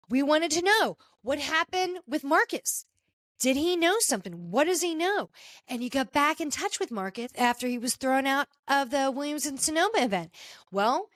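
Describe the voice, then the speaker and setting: A woman hosting a casual podcast, recapping a reality show finale in a gossipy, animated way and acting out the cast's lines. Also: high voice, dry recording, clean studio sound. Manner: animated, gossipy, acts out quotes. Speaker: podcast host. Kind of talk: casual pop-culture recap.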